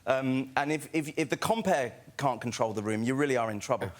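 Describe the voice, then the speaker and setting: A man's voice: medium pitch, fairly quick. A man on a chat show, telling a self-deprecating anecdote with laughs in a TV studio. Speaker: guest comedian. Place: TV studio with audience.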